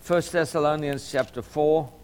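A middle-aged man from Southern California, a lawyer teaching the Bible in an earnest sermon style, often repeating words and filling pauses with um. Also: on the high side, clear, resonant tone.

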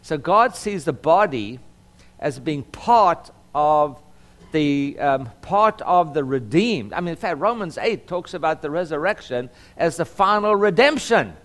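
His voice on the high side, expressive and a bit bright, this middle-aged man from Southern California is a lawyer giving earnest Bible teaching like a sermon. Repeated words and "um" fillers are frequent.

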